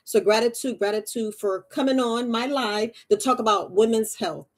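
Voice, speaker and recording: Woman, herbalist host, casual live-stream chat, fairly high voice, frequent laughter. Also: normal speed. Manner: chatty, laughs often, repeats phrases.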